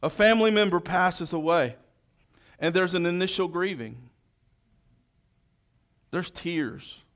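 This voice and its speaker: Man, preacher, sermon, somewhat high voice, dramatic swings between loud and soft. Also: takes it slowly. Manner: dynamic, swings from loud proclamation to hushed quiet; reads scripture verse by verse, then expounds.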